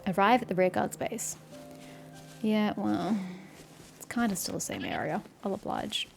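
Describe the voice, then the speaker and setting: A woman playing a video game and commentating casually, sarcastic and quick to swear, reading the on-screen text aloud. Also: medium pitch, sing-song, vocal fry, faint music behind. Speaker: let's-play streamer.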